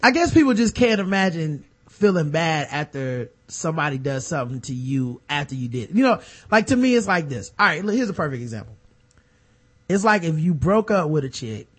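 A man's voice: on the high side, a little fast, husky. A man in casual chat about basketball, telling stories and acting out the quotes in them. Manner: animated storytelling, acts out quotes.

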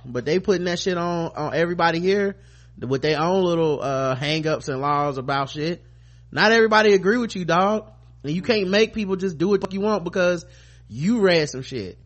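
Guy reacting to a clip on stream, cussing and mocking, kinda high voice. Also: fairly bright tone. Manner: profane, sarcastic, mocking. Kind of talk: casual reaction commentary.

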